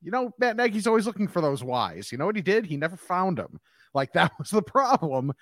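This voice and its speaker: A man who hosts sports radio, talking in a lively, agreeable way in casual sports chat. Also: sits high, fairly quick, no room sound, studio quality.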